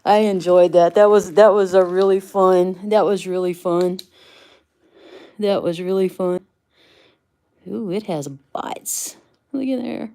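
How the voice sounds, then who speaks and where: A woman's voice: lowish voice, fairly even intonation, takes it slowly, long pauses, mellow. A woman, chatting casually with viewers on a livestream while unboxing rocks. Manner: chatty, greets viewers by name, laughs easily.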